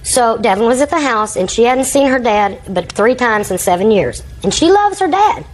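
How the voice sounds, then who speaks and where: A woman's voice: on the high side, lively intonation, normal speed, rough recording. An older woman, a grandmother, giving long courtroom testimony as a litigant and rambling through her account while acting out what others said.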